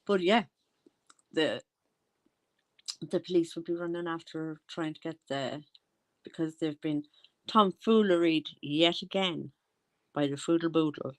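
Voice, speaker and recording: A chatty Irish woman talking in a fairly low voice. She rambles through casual commentary, trailing off and circling back when she loses her thread. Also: a little slow, pauses often. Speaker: commentary vlogger.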